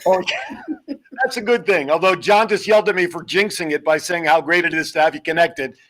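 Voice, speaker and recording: A man with a high voice hosts a live show from a television studio. He keeps things jokey and upbeat and rattles off announcements in quick patter. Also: wildly swooping pitch, a bit bright. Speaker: host.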